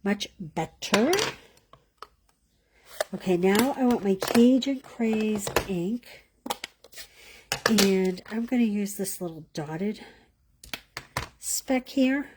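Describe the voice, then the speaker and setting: A woman's voice: medium pitch, very slow, pauses often, background noise. A woman leading a live card-making class, chatting as she demonstrates and thinking aloud, sometimes dropping to a whisper as she works.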